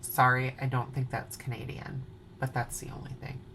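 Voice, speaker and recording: A woman's voice: extremely low pitch, flat delivery, moderate pace, gravelly, fairly bright tone, a little hiss or hum. A woman with an Upper Midwest accent from Wisconsin, chatting playfully as she shows off her cross-stitch projects at home. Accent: Upper Midwest American. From Wisconsin, USA. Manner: chatty, playful, sings snatches of songs. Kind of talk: casual show-and-tell chat. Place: home at night.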